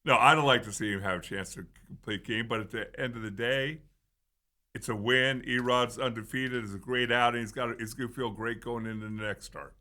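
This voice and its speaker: A man co-hosting sports talk, calmly pushing back with reasons. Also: mid-range voice, a little fast. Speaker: sports radio co-host.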